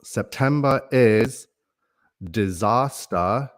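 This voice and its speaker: A man's voice: mid-range voice, very slow. A man hosting a casual livestream, rambling in a conspiratorial way and reading out viewer comments between his own thoughts. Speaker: livestream host.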